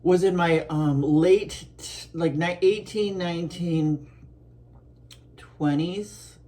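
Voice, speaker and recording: A middle-aged woman from Buffalo, New York, chatting casually to her viewers as an art vlogger, rambling along with soft laughs and restarts. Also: on the low side, slow. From Buffalo, New York, USA.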